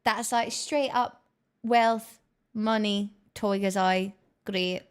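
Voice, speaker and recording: A woman's voice: medium pitch, steady tone, takes it slowly, clear, resonant tone. A woman live streamer chatting casually with her viewers at home in her kitchen, playful and self-mocking.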